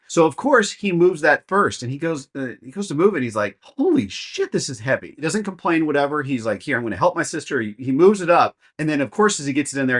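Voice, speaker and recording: A man co-hosting a podcast, chatting casually and telling animated stories with acted-out quotes. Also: on the high side. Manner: animated storyteller who acts out quotes. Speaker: podcast co-host. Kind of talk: casual chat, storytelling.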